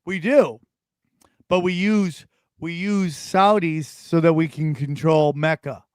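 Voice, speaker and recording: A man talking casually as a podcast guest, rambling and animated, often calling the listener dude or bro. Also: fairly high pitch, slow, dry recording, clean studio sound.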